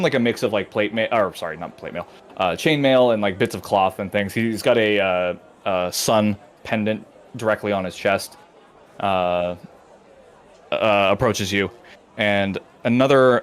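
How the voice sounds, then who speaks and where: A man narrating a tabletop game as game master, halting often and correcting himself as he goes. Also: fairly low pitch. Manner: halting, full of uh and like, self-correcting.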